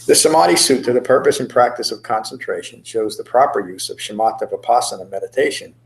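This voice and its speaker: A man teaching meditation, giving a dharma talk in a relaxed, rambling way with many pauses and fillers, in a meditation center room. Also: mid-range voice, vocal fry, low-quality recording. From United States.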